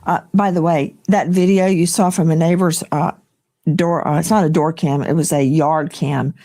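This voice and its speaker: A woman's voice: sits low, steady tone, normal speed, warm tone. A woman co-hosting a case discussion, laying out a timeline point by point and asking for agreement. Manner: analytical, lays out a timeline point by point.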